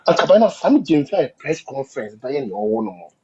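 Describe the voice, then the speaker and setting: A man's voice: a little high, very animated, fast, noisy background. A man with a Ghanaian accent, commenting on politics in an emphatic, repetitive way and slipping into Twi phrases. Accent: Ghanaian English. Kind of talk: heated political discussion. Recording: dull lo-fi audio.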